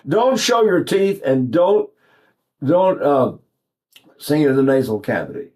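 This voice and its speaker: An older East Texas man gives a singing lesson with sung demonstrations, rambling in a folksy way and restarting often. His voice is a little high and a little mellow, very animated, and slow.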